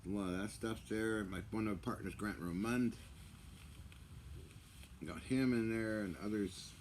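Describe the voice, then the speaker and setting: Brief: low-voiced male vlogger, loose rambling talk, faint hiss in the background. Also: fairly even intonation, unhurried. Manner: joking, rambling, often laughs. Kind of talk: casual rambling monologue.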